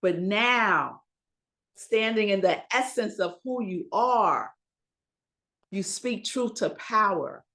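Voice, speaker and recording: A woman minister preaching a Sunday sermon, slow and emphatic, asking the congregation rhetorical questions and pausing for effect. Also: medium pitch, expressive, fairly bright tone.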